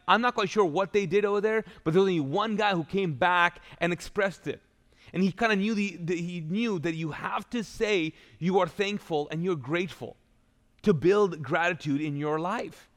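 A man's voice: high voice, brisk, a bit bright. A male pastor giving a live sermon in a church, talking in a conversational storytelling way with restarts and asides. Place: church auditorium. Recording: long church hall reverb.

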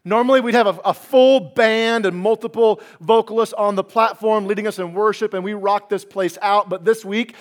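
A male pastor preaching a sermon to his congregation, animated and humorous, repeating key phrases for emphasis. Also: high voice, normal speed, few pauses.

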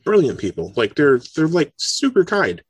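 American male guest, lively swinging voice, casual and cussing. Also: on the high side, moderate pace, husky, no room sound. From Connecticut, USA. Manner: loose and profane, fills with "like", laughs often. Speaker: podcast guest, game designer. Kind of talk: casual chat.

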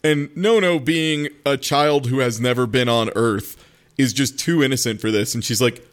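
A man chatting casually as a podcast co-host, retelling scenes and acting out characters' lines in quick voices. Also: mid-range voice, clean tone. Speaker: podcast co-host recapping an anime. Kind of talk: casual chat.

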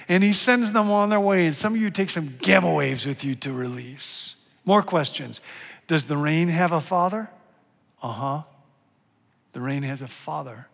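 A middle-aged man preaching a sermon as a pastor, animated and swinging from hushed to loud and emphatic. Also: on the high side. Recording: long hall reverb.

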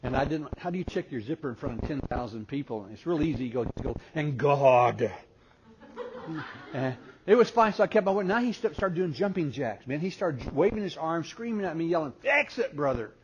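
Talking fast with few pauses, a man with a fairly high voice preaches to a parenting conference audience in a hall. He tells humorous stories, animatedly acting out the voices involved, on a dull lo-fi recording with faint noise.

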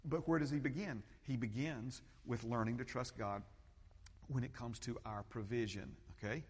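A man's voice: medium pitch, moderate pace, breathy edge. A man preaching a sermon, emphatic and repetitive, rising to fervent peaks. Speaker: pastor. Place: church sanctuary. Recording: long church reverb.

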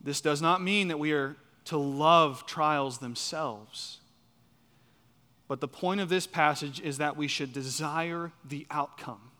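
Emphatic preacher man, bright ringing voice. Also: a little high, takes it slowly. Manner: emphatic, repeats key phrases, swings between loud and soft. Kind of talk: sermon. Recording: reverberant hall.

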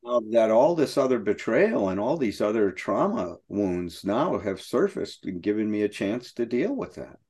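A man's voice: on the low side, sing-song, moderate pace, hardly any pauses, a little mellow, slightly rough. Middle-aged man, earnest, emotional, personal storytelling, recovery podcast.

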